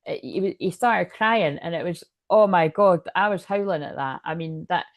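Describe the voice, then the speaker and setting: A woman's voice: lowish voice, normal speed, dry recording, clean studio sound. A middle-aged woman giving a casual, meandering tarot reading, chatty and full of asides. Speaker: tarot reader.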